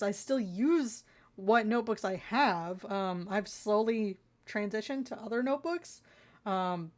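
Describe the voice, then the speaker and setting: Exasperated, rambling higher-voiced woman vlogger. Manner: exasperated, rambling, talks straight to viewers. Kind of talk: ranting consumer-warning vlog.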